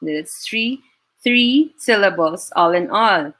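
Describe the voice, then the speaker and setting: A woman's voice: medium pitch, animated, takes it slowly, fairly bright tone. A woman from the Philippines, teaching an online class and praising students, often ending her points with "no?". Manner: encouraging, frequent "no?" tag questions. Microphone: video call.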